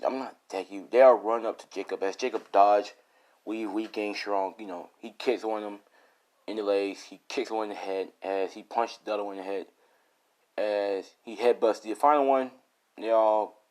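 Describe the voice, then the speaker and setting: A man's voice: on the low side, darkish tone. Rambling man improvising a fan story. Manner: rambling, self-correcting, casual.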